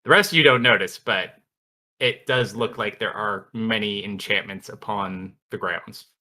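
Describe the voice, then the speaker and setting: A man's voice: lowish voice, moderate pace, bright, forceful tone. A man narrating a tabletop role-playing game as dungeon master in a laid-back way, often laughing as he goes.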